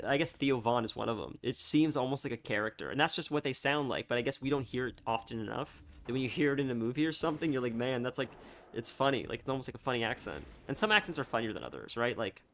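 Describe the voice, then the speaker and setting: A young man chatting casually on a live stream, rambling and halting, full of fillers and restarts. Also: medium pitch, fairly bright tone.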